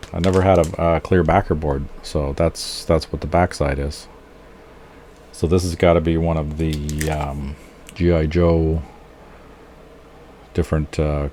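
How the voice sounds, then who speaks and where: Middle-aged guy, really low voice, gets all excited opening comics, bit of hiss behind. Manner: excitable, exclaims often. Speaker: comic book vlogger. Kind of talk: casual unboxing chat.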